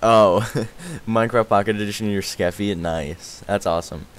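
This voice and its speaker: A man streaming a game live, rambling excitedly, answering chat and thanking viewers as he plays. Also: fairly low pitch, normal speed. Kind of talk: live gaming stream chatter.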